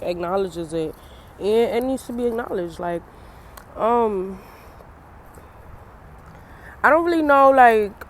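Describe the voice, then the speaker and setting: Her eyes swollen from crying, a young woman still laughs often as she chats to the camera in a relaxed personal vlog filmed outdoors in the cold. She has a mid-range voice, with a bit of background noise behind it.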